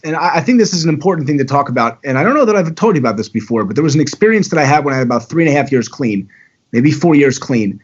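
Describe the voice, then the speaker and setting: A man tells his own story as a podcast guest, in easy, talkative chat. His voice sits at an ordinary middle pitch. The audio is dull and lo-fi. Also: slightly rough.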